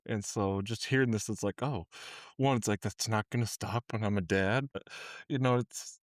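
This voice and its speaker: A man co-hosts a podcast, thinking aloud in loose sentences. His voice is low. The recording is close and dry. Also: moderate pace, dry recording. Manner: thoughtful, loose, many "you know"s. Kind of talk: casual conversation.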